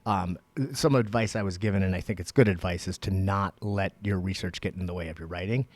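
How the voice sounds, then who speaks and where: A man co-hosting a podcast, telling stories in casual, profane, animated chat. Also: deep voice, fairly quick, dry recording. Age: young adult. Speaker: podcast co-host.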